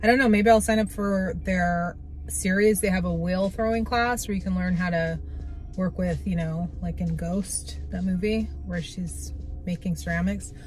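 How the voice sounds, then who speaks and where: A woman chatting casually to her camera as a lifestyle vlogger, upbeat and rambling. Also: fairly low pitch. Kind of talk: casual vlog chat to camera.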